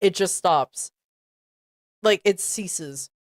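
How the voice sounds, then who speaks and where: A woman's voice: on the low side, drawn-out words, no echo, studio quality. A young woman streaming, reading aloud and reacting in disbelief while often breaking into giggles. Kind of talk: casual live-stream reading commentary.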